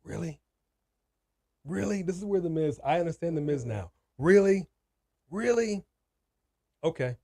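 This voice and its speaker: A man's voice: a little high, lively intonation, fast, hardly any pauses, warm tone, no room sound, clean studio sound. A man co-hosting a casual live watch-party stream, ranting emphatically and repeating his points. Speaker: co-host.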